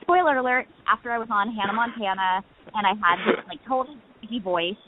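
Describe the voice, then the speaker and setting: A guest actress in her thirties phones in to a casual interview, her medium-pitched voice moving a little fast with a slight hiss or hum on the line. She tells stories in a bubbly way, laughing often.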